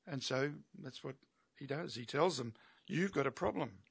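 A man's voice: mid-range voice, expressive, normal speed, gravelly, breathy edge, no echo. A man preaching an expository sermon, emphatic and asking his listeners rhetorical questions.

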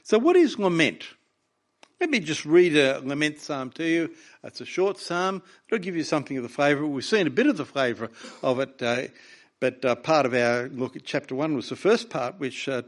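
A man preaching a sermon, reading scripture with raw emotion between plainly explained points. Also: on the high side.

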